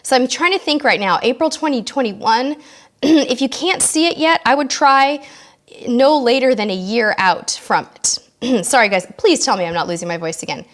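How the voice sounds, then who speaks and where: A woman's voice: high voice, lively intonation, moderate pace. A woman hosting a casual live-stream Q&A, reading out viewers' questions and answering them in a friendly, chatty way. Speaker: host of a live cruise Q&A.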